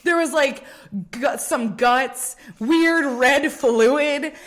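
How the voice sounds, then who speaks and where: A young woman with a fairly high voice co-hosts a casual podcast. She tells rambling stories, swears freely and breaks into laughter often. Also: very slow, a bit bright. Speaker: podcast co-host. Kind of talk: casual chat.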